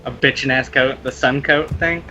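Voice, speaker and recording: A man's voice: medium pitch, fairly even intonation, normal speed, bright, forceful tone, muffled recording, slight background noise. A young man chatting casually during a game stream, brash and joking with crude humor. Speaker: stream guest. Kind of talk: casual chat while gaming.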